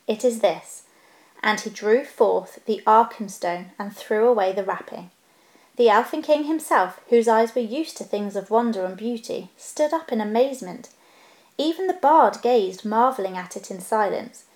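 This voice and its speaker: Woman narrator, storybook reading, calm and steady, fairly high voice, roomy echo. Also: normal speed.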